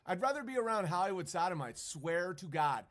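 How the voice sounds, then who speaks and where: With a high-pitched, sing-song, slightly bright voice, a man rattles off a mocking, profane stream rant at a brisk clip, breaking into sarcastic put-on voices.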